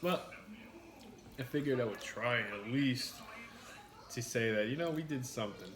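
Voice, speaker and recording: A man's voice: medium pitch, a little slow, crowd noise. A man chatting casually while eating on a home video, joking crudely and rambling through his advice. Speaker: mukbang vlogger. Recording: roomy with clear background noise.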